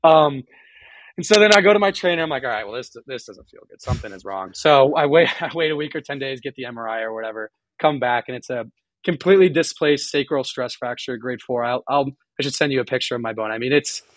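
A young man speaks quickly and candidly in a podcast interview, tripping over restarts and fillers as he goes. His tone is earnest and openly emotional, and the sound is dry and close. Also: medium pitch, no room sound. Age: young adult. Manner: rambling, halting with many restarts and fillers. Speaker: guest college runner.

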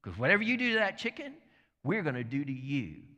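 A man voicing a blustering, hateful male gang leader who threatens and shouts. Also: on the high side, very animated, a little fast, in a large hall, highs cut off. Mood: threatening. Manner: menacing, then hotheaded.

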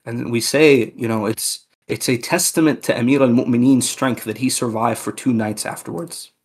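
Brief: male lecturer, mid-pitched, reverent and measured, reads narrations aloud, stumbles now and then. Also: fairly even intonation, darkish tone, husky. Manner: measured, reverent, with small restarts. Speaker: religious history lecturer. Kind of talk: scripted historical lecture reading narrations.

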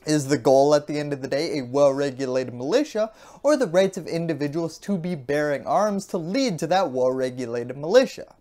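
A woman voicing a pushy, excitable conservative debater who interrupts with mock disbelief. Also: low voice, moderate pace. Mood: mock-incredulous.

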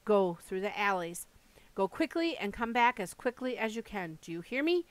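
A woman's voice: medium pitch, sing-song, moderate pace, dry recording, natural voice. A woman reading aloud and voicing an anxious, stern mother who gives urgent orders. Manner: urgent and commanding.

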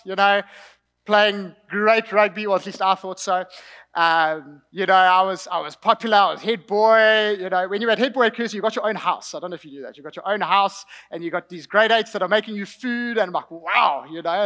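A man's voice: sits high, bright, forceful tone, big-room sound. A young man with a South African accent, preaching a sermon in a conversational storytelling way, with asides to the congregation.

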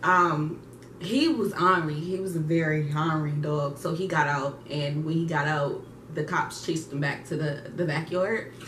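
A woman's voice: deep voice, normal speed. A woman in her twenties casually telling stories and laughing with a friend. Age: 20s. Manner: laughing storyteller, animated quoting. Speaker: vlogger co-host. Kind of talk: casual chat. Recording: echoey room, distant mic, faint hiss.

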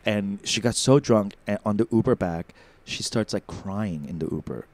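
A man in his thirties telling comic stories on a podcast, campy and animated, jumping into high put-on voices. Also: normal speed, dry recording. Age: 30s. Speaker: co-host. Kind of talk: casual comedic storytelling.

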